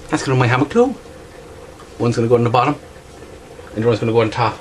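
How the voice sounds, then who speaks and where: A man's voice: medium pitch, racing, pauses often, background noise. A man with a strong regional accent, chatting casually through an unboxing as a bushcraft vlogger and repeating himself often.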